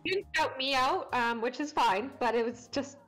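Woman co-host, slightly high voice, upbeat, gushing, faint music behind. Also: moderate pace. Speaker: award show co-host. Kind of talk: casual livestream chat.

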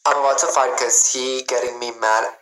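A man's voice: mid-range voice, fairly even intonation, normal speed, background noise. A man livestreaming from home on his phone, chatting casually and greeting viewers by name in a playful, chatty way. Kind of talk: casual livestream chat reading comments. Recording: roomy echo.

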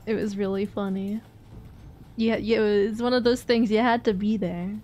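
A woman's voice: mid-range voice, steady tone, moderate pace, mellow. A woman streamer chatting casually while playing, rambling through stories and laughing often. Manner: giggly, rambling storytelling with frequent laughs. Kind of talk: casual gameplay chat.

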